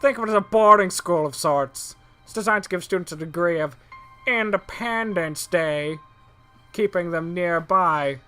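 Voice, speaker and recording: A man's voice: sits high, moderate pace, pushed and bright, smooth, soft background music. A man hamming up a pompous doctor. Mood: mock-serious. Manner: mock-formal, hammy reading. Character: pompous male doctor who blurts nonsense. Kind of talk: comedic voiced reading of a visual novel.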